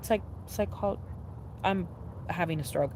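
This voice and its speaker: A young woman chatting casually on a livestream, rambling with lots of fillers and restarts, swearing freely and getting excitable. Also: fairly low pitch, a little slow, a little hiss or hum. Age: young adult. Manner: animated, laughing and excitable. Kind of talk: casual chat to a live audience.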